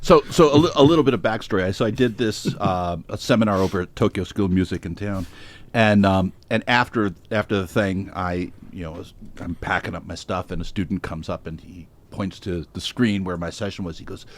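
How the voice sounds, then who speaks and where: A man on a panel telling an animated story, full of restarts and self-interruptions. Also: low-pitched, a little fast. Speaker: panelist and trainer.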